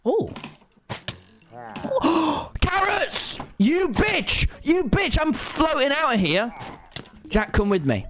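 A man's voice: extremely high pitch, big pitch swings, slow pace, long pauses, a bit bright, a little hiss or hum. A young man streaming a game, swearing, laughing and joking. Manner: swearing, laughing, clowning in a put-on gruff local accent. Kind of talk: casual gaming chat.

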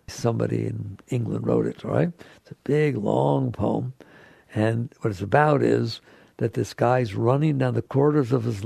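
A man speaking as a spiritual teacher, his voice deeply gravelly and dark. He talks to an audience in a conversational, emphatic way and returns to the same short phrases. The sound is dry and close. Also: no echo.

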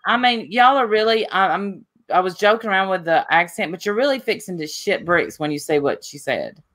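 Bright-voiced rambling woman host. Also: mid-range voice, lively intonation, brisk. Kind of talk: casual livestream chat.

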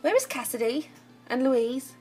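A woman's voice: high voice, lively intonation, unhurried. A woman casually commenting on a life-simulation game as she plays, chatty and giggly, cheering the characters on. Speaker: gaming channel host. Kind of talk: casual let's play commentary. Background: game music.

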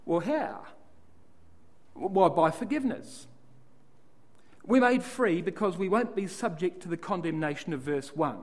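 A man's voice: high-pitched, expressive, a little slow, long pauses, a little mellow. Man explaining scripture verse by verse. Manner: explanatory, asks and answers his own questions; reads scripture aloud and unpacks it verse by verse. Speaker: Bible class speaker. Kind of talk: Bible study talk.

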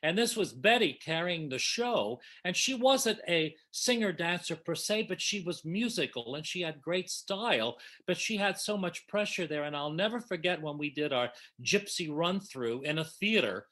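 A man's voice: on the high side, lively intonation, normal speed, few pauses, pushed and bright. A man in his seventies telling affectionate, emotional stories to old castmates over a video call. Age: 70s. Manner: emotional, affectionate storytelling with restarts. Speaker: original cast member at a reunion. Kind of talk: reminiscing on a video panel.

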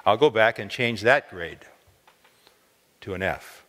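A man's voice: fairly low pitch, animated, unhurried, bright, forceful tone. Stern male professor, firm and pointed, told by a male preacher in a long-echoing hall.

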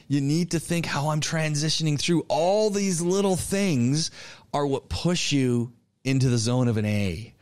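A man teaching an online public speaking class, lecturing in an animated, coaching way with frequent restarts. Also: on the high side. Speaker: college public speaking instructor.

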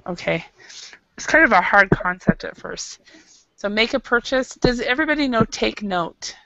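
A woman's voice: a little high, animated, normal speed, creaky, sharp tone, no echo, muffled recording. A woman teaching an English class, patient and explaining with frequent restarts. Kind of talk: classroom lesson.

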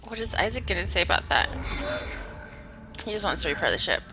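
A woman's voice: medium pitch, lively intonation, fairly quick, background noise. A woman streaming a horror game, chatting with viewers, swearing and easily startled. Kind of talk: casual live-stream commentary.

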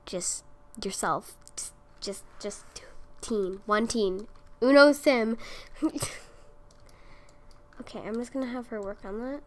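Slow-talking young woman commenting on gameplay. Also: mid-range voice. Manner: exasperated, talks to the game characters. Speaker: gaming video creator.

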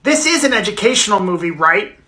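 A woman's voice: medium pitch, sing-song, brisk, pushed and bright. A woman voicing a fussy nerdy schoolboy in a cartoon story, prim and eager for anything educational. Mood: indignant. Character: whiny nerdy schoolboy who loves learning.

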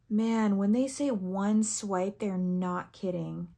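A young woman reviewing makeup on camera, chatty and easily excited, sometimes reading product text aloud and tripping over words. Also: mid-range voice, slow pace, creaky, hardly any pauses. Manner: chatty and excitable, gasping at swatches. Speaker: beauty vlogger. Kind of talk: casual first-impressions makeup review.

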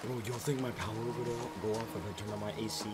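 A young man hosting a co-op gameplay stream, bantering loudly in slang and shouting directions to his partner. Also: lowish voice, steady tone, fast talker. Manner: loud slang-heavy banter, shouting instructions. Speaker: streamer host. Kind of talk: casual co-op gameplay chat. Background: game music.

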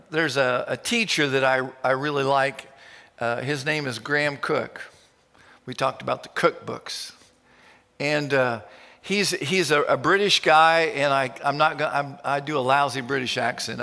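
A male pastor preaching a sermon in an informal, halting way with many restarts. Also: mid-range voice, steady tone, gravelly, pushed and bright, long reverb tail. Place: church.

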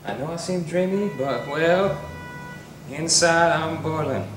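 An actor playing a restless young son who talks with moody, defiant intensity, in a stage play. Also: male voice, fairly high pitch, slow pace, over music. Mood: brooding. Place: theater stage. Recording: roomy stage audio from far off with hiss.

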